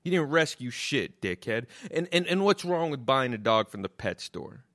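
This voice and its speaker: A man's voice: mid-range voice, sing-song, moderate pace, hardly any pauses, fairly bright tone. A man delivering a profane, mocking comic rant, swearing constantly and hammering the same insults. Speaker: comedian.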